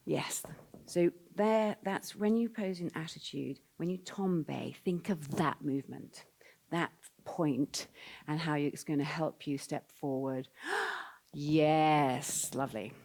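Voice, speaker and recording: A woman's voice: deep voice, slow, creaky, a little mellow. A woman coaching a ballet dancer in a live rehearsal. She sings the counts and gives coaxing, encouraging corrections. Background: faint piano.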